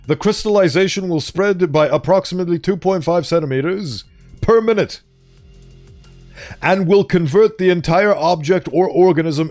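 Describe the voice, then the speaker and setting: A man's voice: on the high side, a little mellow. A man streaming a casual reading of horror articles, breaking off into playful, joking asides. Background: faint background music.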